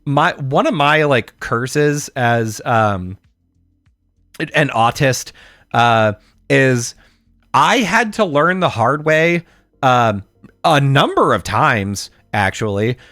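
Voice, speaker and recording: A man in his thirties telling a story on a casual podcast, rambling with many fillers and swearing, breaking into loud outbursts. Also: medium pitch, expressive, slow pace, no echo, clean studio sound, faint music behind. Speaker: podcast co-host.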